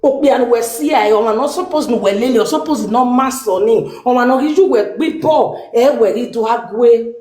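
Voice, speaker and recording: A woman with a Nigerian Pidgin accent pleads earnestly, speaking like a caring older sister. Her voice sits a little high and rings around an echoey room. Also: normal speed, hardly any pauses, a little mellow. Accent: Nigerian Pidgin English. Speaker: guest giving advice. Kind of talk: impassioned advice on a live stream.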